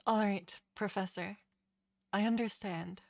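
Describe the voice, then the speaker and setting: A woman's voice: mid-range voice, fairly even intonation, measured pace, gravelly, noisy background. A woman voicing a polite, hesitant young male defense lawyer in a video game. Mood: questioning.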